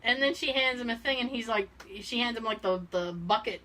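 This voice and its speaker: A woman's voice: a little high, a little fast. A woman on a podcast telling family stories in casual chat, laughing often and acting out the people she quotes. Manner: animated, laughs often, acts out quoted voices. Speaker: podcast co-host.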